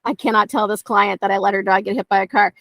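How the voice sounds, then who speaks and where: A woman's voice: mid-range voice, fairly even intonation, fast, vocal fry, bright, forceful tone, no echo. A woman dog trainer teaching conversationally, telling stories and acting out dialogue in playful voices.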